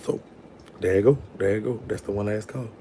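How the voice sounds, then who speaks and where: Fast-talking sassy New man. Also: fairly low pitch, steady tone, warm tone, a little hiss or hum. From New Orleans, USA. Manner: sassy and playful, laughs often, calls people girl and baby. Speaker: call-in show host. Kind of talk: casual live call-in chat.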